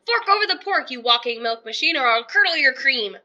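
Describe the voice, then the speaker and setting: A woman's voice: sits high, lively intonation, a little fast, sharp tone, muffled recording, full character voice. A woman voicing a grouchy, hungry old female witch who screeches and cackles in a storybook reading. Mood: bossy.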